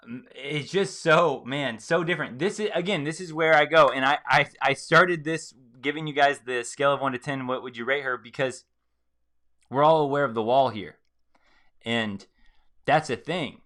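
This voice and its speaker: A man's voice: mid-range voice, moderate pace, bright, forceful tone. A man hosting a live stream, commenting on a video and acting out the quoted reactions of others with emphasis. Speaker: host.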